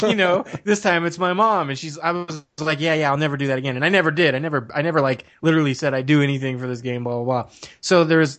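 Man, casual podcast co-host, slightly high voice, rambling laughing storyteller. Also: fairly bright tone. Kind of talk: casual chat.

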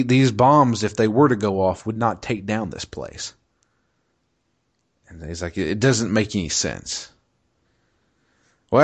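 A man co-hosting a podcast, casually retelling a video game's story, rambling, swearing freely and laughing often. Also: on the low side. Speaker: podcast co-host recapping a game.

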